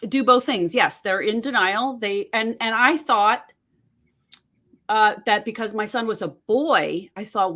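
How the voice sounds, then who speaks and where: A woman's voice: medium pitch, a little fast, a bit bright. Middle-aged New woman telling a story. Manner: earnest storytelling with many fillers and restarts. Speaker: guest, autism parent and podcaster. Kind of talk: conversational interview.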